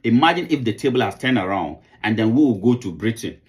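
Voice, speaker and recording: A man's voice: lowish voice, expressive, quick pace. A man from Sierra Leone giving impassioned political commentary. He often repeats words while searching for them, then builds to indignant outbursts.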